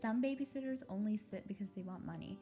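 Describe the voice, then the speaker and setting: A woman voicing a shy, hurt little girl who talks quietly and sulkily in a storybook reading. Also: medium pitch, over music, natural voice. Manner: quiet, slow, sulky.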